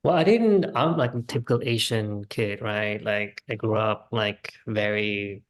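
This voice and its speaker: A man's voice: on the low side, unhurried. A man from Switzerland speaking with a slight Swiss German and Vietnamese accent, a guest chatting thoughtfully in an interview. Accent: slight Swiss German and Vietnamese mix. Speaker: podcast guest, dancer. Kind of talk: casual interview chat.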